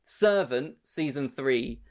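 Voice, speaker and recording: A man's voice: medium pitch, expressive, slow pace, darkish tone. A man co-hosting a film and TV podcast in casual chat, rambling and jokey. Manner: rambling, jokey, laughs a lot. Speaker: podcast co-host.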